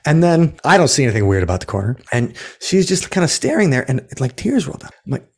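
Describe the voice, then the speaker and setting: A man's voice: medium pitch, lively intonation, quick pace, hardly any pauses. A man who runs ghost tours, telling a story in a casual interview, rambling and restarting, acting out what people said. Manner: rambling, self-correcting, acts out quotes. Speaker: ghost tour operator.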